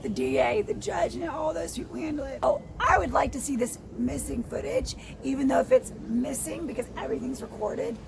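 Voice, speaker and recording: A woman vlogger in an angry personal rant, her voice hoarse and froggy and out of breath, blunt and swearing, dropping to whispers and rising to shouts. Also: sits high, brisk, few pauses, a crowd in the background, poor audio. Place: outdoors in sunlight.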